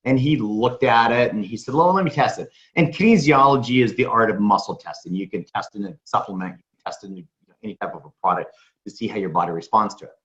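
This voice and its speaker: A man presenting a sales pitch, repeating his claims with emphasis and asking himself rhetorical questions. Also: fast talker, fairly bright tone, muffled recording.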